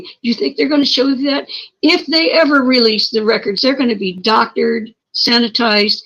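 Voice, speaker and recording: A woman's voice: a little high, vocal fry, a bit bright, slightly rough. A woman being interviewed who tells her story emphatically, pressing her points with repeated words and rhetorical questions. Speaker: interview guest. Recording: muffled lo-fi stream audio.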